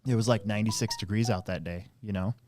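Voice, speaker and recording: He's a fast talker with a lowish, slightly mellow voice, hosting a casual stream and running an RC track. His long racing tales ramble along, packed with fillers and false starts, over a bit of background noise.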